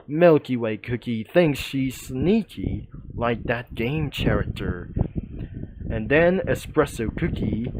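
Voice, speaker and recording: A man's voice: medium pitch, slight background noise. A man casually narrating a comic, rambling and stumbling over his words.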